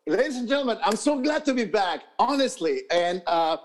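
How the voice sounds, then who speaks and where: A New York man co-hosts a podcast from the studio, chatting casually and profanely while he rambles with plenty of fillers and restarts. His voice is high, very animated, and fairly quick.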